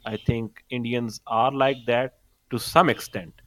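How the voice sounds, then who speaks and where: A man's voice: mid-range voice, fairly even intonation, unhurried, a bit bright, rough recording. Opinionated man chatting on stream. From South Asia. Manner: opinionated, swears freely. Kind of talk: casual chat.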